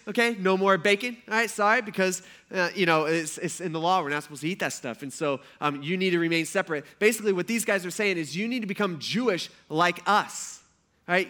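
A man preaching a sermon to his congregation, animated and joking, often acting out the people he describes. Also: sits high. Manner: animated, joking, acts out voices. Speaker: pastor.

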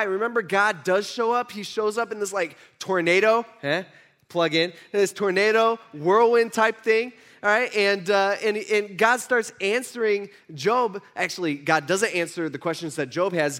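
A man preaching a sermon, telling a Bible story in an animated way and acting out the characters. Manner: animated storytelling, voices biblical figures with rising pitch. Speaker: pastor.

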